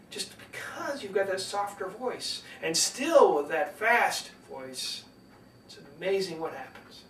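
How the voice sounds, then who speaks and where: A man coaching public speaking, swinging between loud and soft delivery to demonstrate, in an echoey room away from the mic. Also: high-pitched, expressive, slow, far from the mic, a little hiss or hum. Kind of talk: teaching lesson.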